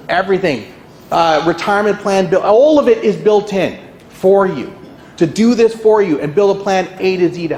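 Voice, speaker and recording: A little hiss or hum runs through this echoey meeting-room recording of a guest speaker at a realty kickoff. His motivational presentation is energetic, with repeated "right?" and short, high, rapid impressions of anxious clients.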